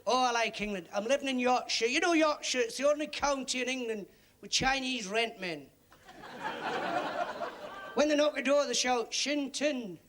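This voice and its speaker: A man's voice: very high voice, moderate pace, pauses often. A male stand-up comedian firing off punchy one-liners. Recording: noisy 1970s TV studio with loud audience laughter.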